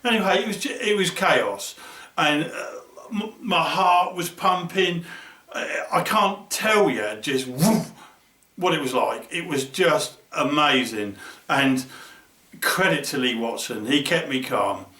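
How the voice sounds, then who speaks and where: A man's voice: on the high side, expressive, slow pace, pushed and bright, reverberant, far from the mic. A middle-aged Englishman from Norfolk telling a fishing story, laughing and acting out his friends' voices. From Norfolk, England. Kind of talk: animated storytelling.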